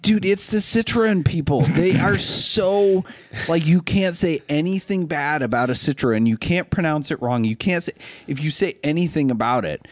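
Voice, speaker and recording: A middle-aged Ohio man co-hosts a podcast, and his slightly high voice moves at a moderate pace. He tells animated, self-deprecating stories in casual chat, captured in a dry, studio-quality recording.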